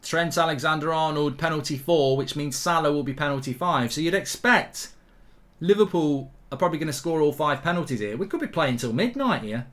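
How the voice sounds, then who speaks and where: Excitable male stream host, fairly high voice, casual swearing, live match commentary. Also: a little fast.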